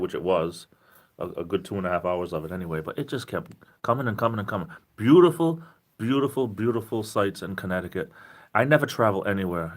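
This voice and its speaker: A man hosting a casual livestream, chatting with viewers in a rambling, self-deprecating, joking way. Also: low-pitched. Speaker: livestream host. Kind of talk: casual chat reading viewer comments.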